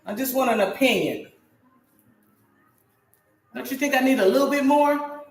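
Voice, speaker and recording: A hoarse middle-aged woman chatting with her viewers during a live home-baking stream, exclaiming to herself as she works. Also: sits high, moderate pace. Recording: echoey room with music behind.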